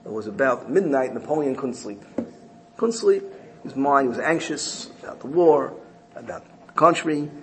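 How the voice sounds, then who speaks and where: A man's voice: mid-range voice, expressive, normal speed, a little hiss or hum, low-quality recording. A man giving a religious talk, telling a story in an earnest, repetitive way. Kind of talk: storytelling sermon.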